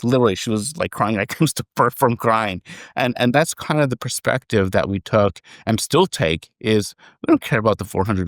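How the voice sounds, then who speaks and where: A man being interviewed on a podcast as a company chairman, telling stories in a relaxed, conversational way and acting out the quoted dialogue. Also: lowish voice, no room sound, studio quality. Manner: animated storyteller, acts out quoted dialogue.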